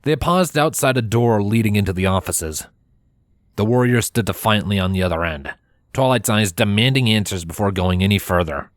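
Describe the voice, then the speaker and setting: A man narrating a fanfiction chapter aloud in steady, expressive storytelling. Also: fairly low pitch, moderate pace, no room sound, clean studio sound. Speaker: fanfiction reader. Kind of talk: scripted narration.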